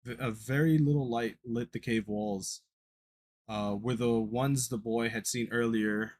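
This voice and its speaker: A man's voice: medium pitch, fairly even intonation, measured pace, darkish tone. A man casually reading a horror story aloud on a podcast, often tripping over words and correcting himself. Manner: stumbling, self-correcting reading. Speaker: podcast co-host reading a creepypasta.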